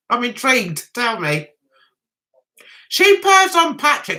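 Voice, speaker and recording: A middle-aged British woman chats with her viewers on a live stream, reading out their comments and giggling at herself often. Her voice is bright and fairly high. It swoops up and down a lot while she talks at an easy, unhurried pace. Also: huge pitch swings. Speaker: vlogger hosting a live chat.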